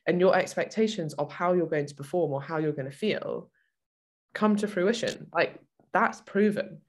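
A fitness coach from the UK co-hosts a fitness podcast, chatting casually and using lots of filler words. Her voice is fairly low-pitched at a normal speed.

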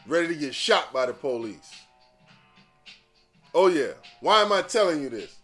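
A man hosting a podcast, ranting casually in profane, animated street slang. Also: fairly high pitch, normal speed, faint music behind. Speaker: podcast host. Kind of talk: casual rant.

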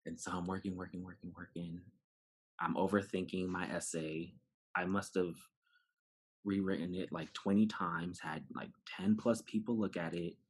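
Low, husky-voiced man telling a story. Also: normal speed. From New York City. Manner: animated, acts out dialogue, laughs while telling. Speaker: podcast guest. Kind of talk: personal storytelling.

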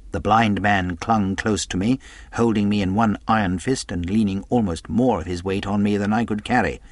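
A man narrating a classic adventure novel as an audiobook in a measured storytelling delivery. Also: fairly low pitch, no echo.

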